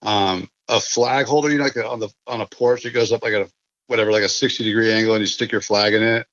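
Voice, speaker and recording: A man's voice: on the low side, fairly even intonation, fast talker, fairly bright tone, no echo, highs cut off. A man from California telling a long casual story as a podcast guest, rambling with many restarts and fillers.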